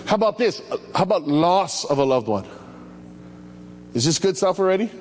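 A male pastor preaching in an animated, playful way, calling out to the congregation for responses. His fairly high voice carries through a hall with a long echo. A faint hum sits under the recording. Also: moderate pace. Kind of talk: sermon. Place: church hall.

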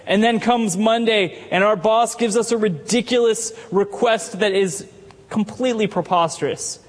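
A man preaching a sermon in a church, his voice pitched high above most men's. He keeps it conversational, asking the congregation questions as he goes. The sound rings with the long reverb of the sanctuary. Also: moderate pace. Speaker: pastor.

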